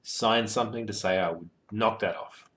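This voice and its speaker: Speaking at a normal pace in a lowish, slightly bright voice, this man gives loose advice as a game master about running tabletop sessions. He curses, cracks jokes, and peppers his talk with ums and you-knows.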